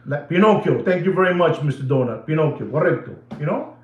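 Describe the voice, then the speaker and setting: A man's voice: a little high, fast, reverberant, phone-quality sound, slight background noise. A man hosting a watch channel, ranting casually to his viewers, repeating himself and dropping into Spanish phrases. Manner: animated, repetitive, switches into Spanish phrases. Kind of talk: casual rant to camera.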